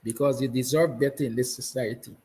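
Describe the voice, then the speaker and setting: A Guyanese man hosts a morning talk show, giving an impassioned, fiery monologue in a mid-range, steady, fairly quick voice on poor audio. He repeats lines emphatically, softens into tender passages, and is emotional and at times close to tears.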